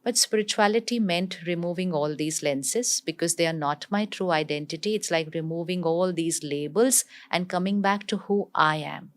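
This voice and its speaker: A woman, explaining spiritual ideas in an interview in a calm, teacherly way, often repeating herself for emphasis. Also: lowish voice, moderate pace, few pauses.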